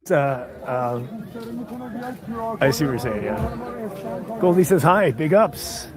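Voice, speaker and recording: A man's voice: a little high, very animated, slow pace, rough recording. A man live streaming from an outdoor rally, chatting casually and thanking viewers. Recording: streamed audio with a loud crowd and music.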